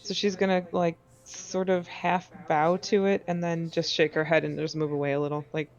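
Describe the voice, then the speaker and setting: A woman describes what her character does in a tabletop game, pausing often and stumbling over fillers. Her voice sits low and has a gravelly fry. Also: little pitch movement, darkish tone, lo-fi sound. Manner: hesitant, full of fillers. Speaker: player.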